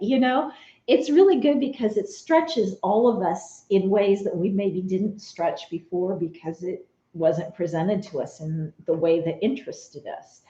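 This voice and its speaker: A woman chats casually with her live viewers, animated and quick to laugh. Her voice is mellow and relaxed. The sound is roomy and a little dull, like a home studio on a modest mic. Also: mid-range voice. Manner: chatty and animated, laughs often, reads viewer comments. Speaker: vlogger chatting with live viewers.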